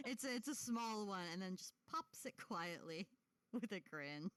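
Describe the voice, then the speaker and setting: A woman running a tabletop game as game master, narrating haltingly with many fillers and giggles. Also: mid-range voice, big pitch swings, dry recording. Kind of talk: casual tabletop role-play narration.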